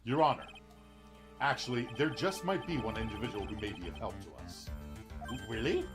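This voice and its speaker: A man reads game text aloud with a lively, swooping delivery, hamming up the lines and tossing in silly asides. His voice sits mid-pitch, with game music playing clearly behind him. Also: fairly quick. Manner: dramatic read-aloud, breaks into goofy impressions. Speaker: let's-play co-host. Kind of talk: reading game dialogue aloud with joking asides.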